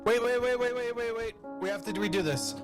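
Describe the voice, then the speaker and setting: A man playing a horror game with friends on a livestream, excitable, laughing and repeating himself. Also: very high-pitched, fairly quick. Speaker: livestream co-player. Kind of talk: casual gaming chat. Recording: game music behind the voice.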